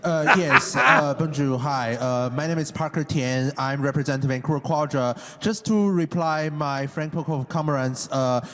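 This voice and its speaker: A male delegate addresses a convention floor in a hesitant way, with many pauses and fillers. His voice is slightly high, and a long reverb from a large hall trails behind it. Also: fairly even intonation, fairly bright tone. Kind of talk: formal floor speech.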